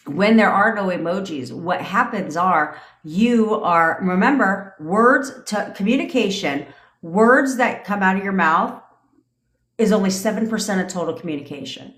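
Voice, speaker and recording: A woman's voice: on the low side, a bit bright, echoey room. A woman manifestation coach ranting on a livestream, blunt and profane, often asking "okay?" as she explains. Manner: blunt, swears freely, fast talk with repeated "okay?". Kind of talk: livestream rant.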